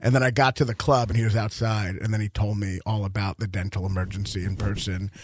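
A man's voice: lowish voice, level tone, fast talker, no room sound, studio quality. A young man from Louisville, a comedian guest, chatting casually in a radio interview and rambling through stories with fillers and laughs. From Louisville, Kentucky.

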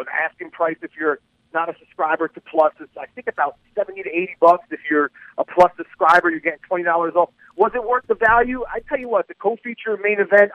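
A man's voice: high-pitched, a bit bright, no room sound, low-quality recording. A man co-hosting a sports talk radio show, speaking in an easygoing, conversational way as he weighs things out. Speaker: radio co-host.

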